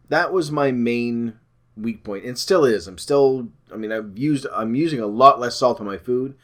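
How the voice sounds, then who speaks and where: A man's voice: mid-range voice, fairly bright tone. A man talking casually to camera in a weight-loss vlog, rambling with many ums and self-corrections and joking about his own slips.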